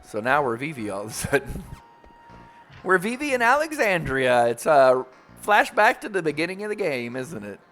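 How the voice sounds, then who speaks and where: A man's voice: a little high, big pitch swings, moderate pace, a bit bright. A man streaming a video game, chatting and joking casually as he plays. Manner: chatty, joking, reads game lines aloud in voices. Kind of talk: playthrough with voiced dialogue. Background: game music.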